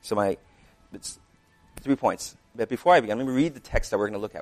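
A man preaching a sermon, praying quietly and reading scripture with rising emphasis, chewing gum because of a dry mouth. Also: fairly low pitch, lively intonation, fast talker, soft background music. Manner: chewing gum while speaking; prays softly, reads scripture with rising emphasis. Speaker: pastor.

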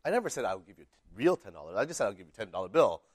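A man's voice: on the low side, sing-song, racing, husky, no room sound. A man voicing a sly second-grade girl who keeps pleading and promising. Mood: smug. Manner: wheedling, insistent promises.

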